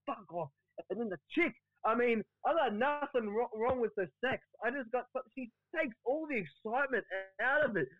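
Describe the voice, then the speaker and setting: A man's voice: extremely high pitch, animated, normal speed, no room sound, narrow, tinny audio. A young Australian man hosting a podcast, chatting casually in a crude, mocking, ranting way. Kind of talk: casual sweary podcast chat.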